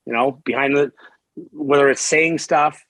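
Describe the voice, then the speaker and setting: A man's voice: mid-range voice, a little slow, dry recording, rough recording. Candid, profane man telling stories. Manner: candid, profane, animated storyteller with frequent restarts. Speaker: podcast guest, former hockey player. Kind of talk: casual storytelling interview.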